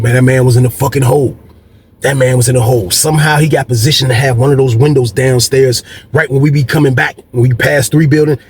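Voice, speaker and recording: A man's voice: medium pitch, husky. A man hosting a storytelling video, talking casually and profanely, acting out quoted voices and repeating "man" a lot. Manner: profane, repetitive, keeps saying "man".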